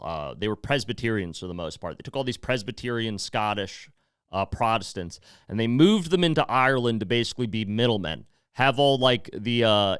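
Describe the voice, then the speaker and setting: A man's voice: medium pitch, fairly bright tone, smooth, no room sound, studio quality. An American man hosting a podcast, giving casual, rambling commentary with many asides. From United States. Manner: rambling and conversational, full of "like" and asides. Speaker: podcast host.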